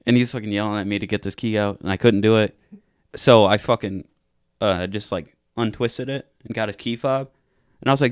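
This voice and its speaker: A young male podcast host spins a rowdy bar story in casual storytelling, swearing freely and acting out what everyone said in animated quotes. His somewhat low, smooth voice is brisk. The recording is dry and close, with no echo or room in it.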